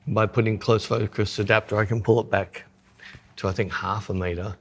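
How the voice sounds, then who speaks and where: A man's voice: on the low side, steady tone, fairly quick, vocal fry, breathy edge. A man co-hosting a podcast in casual chat, joking and self-mocking as he talks through his photography gear.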